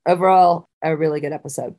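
Woman co-host, fairly low voice, chatty, restarts often, casual podcast talk. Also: steady tone, fast, dark tone. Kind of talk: casual chat and trivia quizzing.

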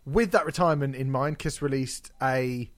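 A man hosting a podcast, telling stories in an animated, swearing, laughing way. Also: medium pitch, moderate pace. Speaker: podcast host. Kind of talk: casual chat.

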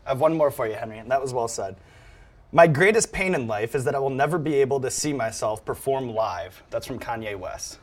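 A man's voice: medium pitch, animated, fairly quick. A man hosting an interview show, reading out quotes to his guest and chatting in an upbeat way. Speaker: show host.

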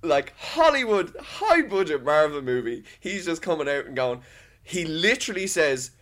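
A man's voice: fairly high pitch, sing-song, moderate pace, fairly bright tone. A young Irishman from co-hosting a podcast, chatting casually, laughing often and swearing freely. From Ireland. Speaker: podcast co-host. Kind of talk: casual chat.

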